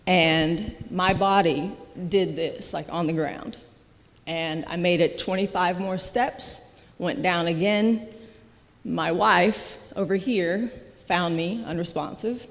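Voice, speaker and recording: Slow, earnest testimony speaker at a church service, mid-pitched and halting, heard with long sanctuary reverb. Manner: halting, earnest, with frequent restarts and soft laughs. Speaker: guest speaker sharing a testimony.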